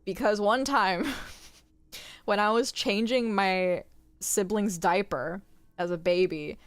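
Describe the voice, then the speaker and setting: A woman's voice: medium pitch, slow pace, no room sound. A young woman streaming a game, chatting casually with candid, crude humor and frequent giggles. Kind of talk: casual gaming stream chat.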